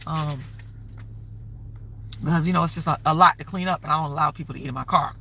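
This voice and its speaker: A woman's voice: low voice, quick pace, creaky, bright, forceful tone, slight background noise. A woman hosting a live stream, talking casually and rambling, often stopping to ask for donations. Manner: rambling, conversational, keeps plugging donations. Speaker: livestream host.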